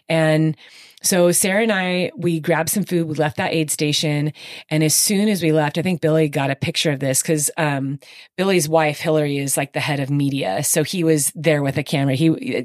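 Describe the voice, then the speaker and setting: A woman with a low, grounded voice tells her race story in an easy conversational way. She speeds up in animated bursts and leans on fillers as she talks. The recording is dry and close. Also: dry recording. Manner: animated, emotional, quick bursts with frequent fillers. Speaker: podcast guest recounting her race.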